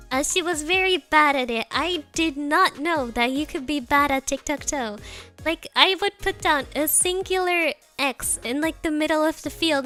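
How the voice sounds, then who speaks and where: A young woman telling stories casually on a livestream, full of fillers and the odd Japanese word. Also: high voice. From Germany. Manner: animated, many fillers, sprinkles Japanese words. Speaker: streamer.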